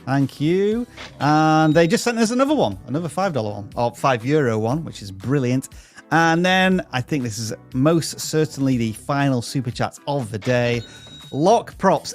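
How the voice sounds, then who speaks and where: Upbeat man hosting a live stream. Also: a little high. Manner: upbeat, reads out viewer messages.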